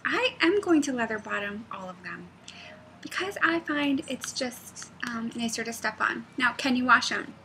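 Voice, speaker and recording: A woman's voice: on the high side, expressive, normal speed, bright, forceful tone, slight background noise. A woman knitting designer chatting casually, rambling off on tangents and often dropping to a near-whisper. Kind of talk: casual vlog chat.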